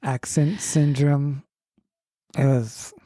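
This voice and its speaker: A woman co-hosting a casual podcast, dropping wry, deadpan comments. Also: extremely low pitch, extremely slow, no room sound, clean studio sound. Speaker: podcast co-host. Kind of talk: casual chat.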